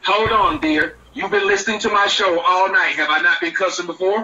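Here a man hosting a phone-in show gets defensive and argumentative, swearing and interrupting. His voice sits high and stays fairly even in intonation, brisk, pushed and bright, on a muffled recording with faint noise.

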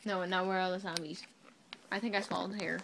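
A woman's voice: lowish voice, fairly even intonation, brisk, gravelly, fairly bright tone, a little hiss or hum. A woman joking crudely and playfully while gaming with a friend, chatting casually. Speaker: gamer.

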